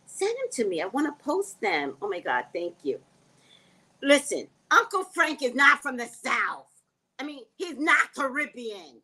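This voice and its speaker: A woman's voice: fairly high pitch, husky. A woman hosting a casual live stream, reading viewer comments aloud and answering them in a blunt, joking way. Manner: blunt, joking, lively, laughs often.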